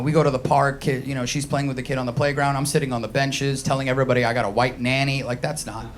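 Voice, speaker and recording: A man with a New York accent doing a profane, brash stand-up comedy set on a live stage, acting out the voices he quotes. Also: mid-range voice. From New York City, Queens. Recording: live show with crowd laughter. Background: audience laughter.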